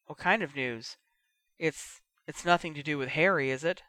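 A man's voice: fairly high pitch, moderate pace, bright, forceful tone. Man voicing a grumpy, wary young brother. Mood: grumbling. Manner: grumbling, defensive. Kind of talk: audiobook character voice.

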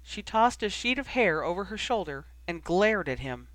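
A reader narrating a fan fiction audiobook in a measured, expressive way. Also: medium pitch, no echo.

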